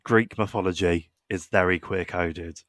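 A young man with a British accent chats loosely on a podcast, speaking in a lowish voice. He swears freely and pads his sentences with "um" and "like". The sound is close and dry, with no room echo. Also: steady tone, moderate pace. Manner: loose and chatty, swears, many "um"s and "like"s. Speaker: podcast co-host. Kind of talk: casual chat.

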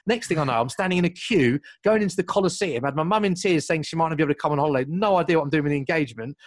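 A young man telling a long story in casual chat, lively and full of asides and restarts. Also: fairly high pitch, no room sound. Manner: animated, fast, piles up asides and restarts.

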